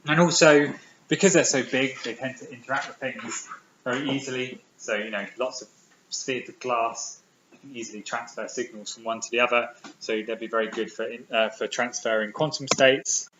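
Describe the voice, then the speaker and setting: A man's voice: mid-range voice, fairly even intonation, normal speed, noisy background. A British man giving a public physics lecture, eager and full of ums and restarts. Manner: enthusiastic, many ums and restarts. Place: lecture hall. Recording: roomy, slightly dull lecture recording.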